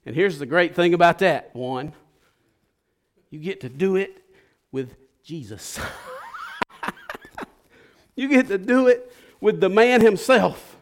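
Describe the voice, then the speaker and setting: Folksy preacher, rising and falling. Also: male voice, high-pitched, expressive, takes it slowly, pauses often. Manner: folksy, impassioned, swings from hushed to loud. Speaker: pastor. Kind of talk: sermon.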